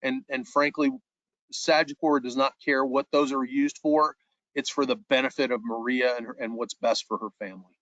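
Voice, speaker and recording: A man's voice: mid-range voice, fairly even intonation, moderate pace, a bit bright, no room sound, muffled recording. A man giving an insurance sales presentation in a webinar, earnest and repeating words as he restarts his phrases.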